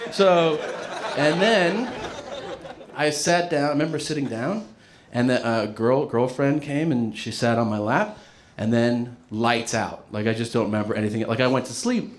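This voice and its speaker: A man's voice: measured pace, background noise. Profane man telling stand-up stories. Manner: animated, profane, jumps high for quoted voices. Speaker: stand-up comedian. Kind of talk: stand-up storytelling. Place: comedy stage.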